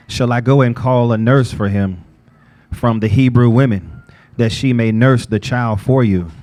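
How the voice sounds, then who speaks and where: A man reading scripture passages aloud in a steady, even manner during a group lesson. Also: medium pitch. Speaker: scripture reader.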